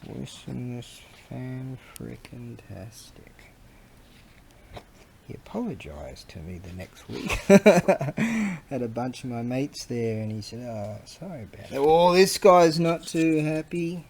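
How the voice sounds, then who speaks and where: A middle-aged man with an Australian accent rambles along in a relaxed vlog, dropping slang. He talks slowly at an ordinary pitch. A faint hum of noise sits under the voice. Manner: slangy, wandering, chuckling storyteller. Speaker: vlogger. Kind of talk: casual rambling commentary.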